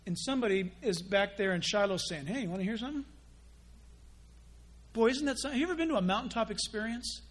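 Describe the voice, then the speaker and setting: A male pastor preaching with a high, light voice. He moves between plain teaching and playful impressions of gossipers and showy prayers, always driving his point home. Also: very fast, few pauses. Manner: animated, mimics gossips and pray-ers in quoted voices. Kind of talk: sermon.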